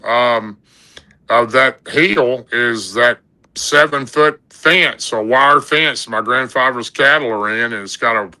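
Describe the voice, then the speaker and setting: Folksy man, very bright voice. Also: medium pitch, low-quality recording. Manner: rambling, folksy, lots of "and, uh". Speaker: podcast guest telling an encounter story. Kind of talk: casual storytelling.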